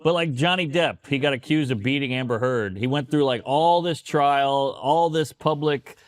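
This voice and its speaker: A male comedian in a casual podcast chat, animated and acting out other people's voices in his stories. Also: medium pitch, normal speed, no echo, clean studio sound. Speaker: comedian guest.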